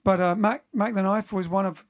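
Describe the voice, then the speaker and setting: A man's voice: sits high, fairly even intonation, brisk. A man hosting a band's livestream, chatting casually and rambling between songs from home. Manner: rambling, chatty, self-correcting. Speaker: bandleader and singer hosting a livestream. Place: home during lockdown.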